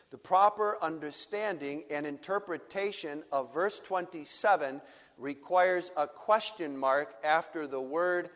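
A man preaching a sermon in a slow, deliberate way, often dropping to a low soft voice. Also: long reverb tail.

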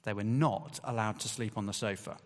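A man's voice: lowish voice, fairly even intonation, brisk. A man preaching a sermon to a congregation, talking in a conversational way with emphatic bursts of stress. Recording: long hall reverb.

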